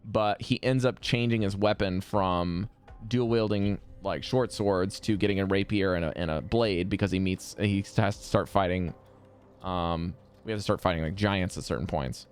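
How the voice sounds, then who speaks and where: A man who runs the tabletop game, chatting casually about characters and telling animated, profane stories. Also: low voice, normal speed, clear, resonant tone, faint music behind. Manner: animated, swearing, laughing storyteller. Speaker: game master. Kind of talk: casual chat between game sessions.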